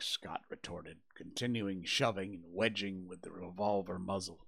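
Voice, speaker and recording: A man hosting a show, reading a classic adventure novel aloud in slow, measured narration. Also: deep voice, steady tone, gravelly, a bit bright.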